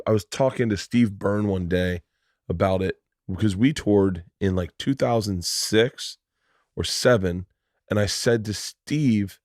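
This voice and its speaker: Excitable rambling man hosting a podcast. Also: fairly low pitch, no room sound, studio quality. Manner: rambling storyteller, excitable, swears freely. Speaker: podcast host. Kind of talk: casual chat.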